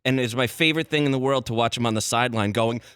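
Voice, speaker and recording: Bright, forceful man co-hosting sports radio. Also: mid-range voice, quick pace, smooth, no echo. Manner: blunt, opinionated. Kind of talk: casual sports talk. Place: radio studio. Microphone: studio mic.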